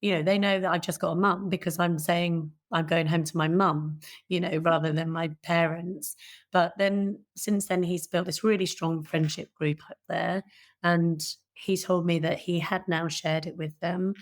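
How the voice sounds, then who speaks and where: British woman guest, middle-aged, lowish croaky voice, frank and steady storytelling. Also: moderate pace. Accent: British English. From England. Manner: frank, steady, occasionally swearing. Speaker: interview guest. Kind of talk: candid personal storytelling.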